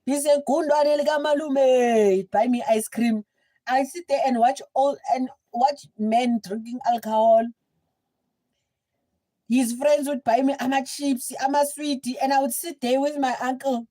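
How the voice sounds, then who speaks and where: A young woman with a South African accent, telling a story in a chatty, animated livestream style. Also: high-pitched, measured pace. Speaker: livestream host. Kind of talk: casual storytelling.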